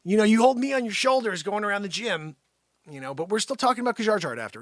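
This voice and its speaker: A man riffing comically, rambling and joking, with bursts of shouting. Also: high voice, expressive, fast talker, dry recording, studio quality. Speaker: comedic commentator. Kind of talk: improvised comedic riffing.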